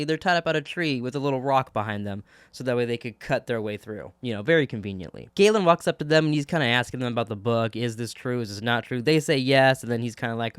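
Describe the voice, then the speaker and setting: Man recapping an episode, casual, swears, smooth voice, dry sound. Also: mid-range voice, no room sound. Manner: rambling, swears, laughs at himself. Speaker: TV episode reviewer.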